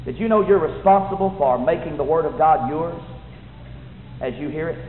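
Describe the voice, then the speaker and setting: A man preaching a sermon, fervent, swinging between shouting and hushed tones. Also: fairly high pitch, normal speed, a little hiss or hum. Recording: echoey hall, tinny phone-like sound.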